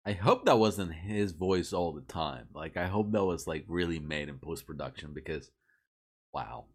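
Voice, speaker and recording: A man's voice: low-pitched, lively intonation, normal speed, breathy edge. A man hosting a casual chat, teasing and laughing. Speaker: podcast host.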